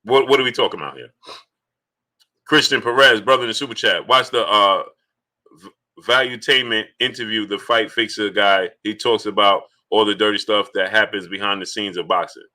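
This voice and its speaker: A man's voice: lowish voice, moderate pace, bright, forceful tone. A man hosting a casual sports livestream, greeting viewers by name and repeating himself as he talks. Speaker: livestream sports host reading Super Chats. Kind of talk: casual live-stream talk.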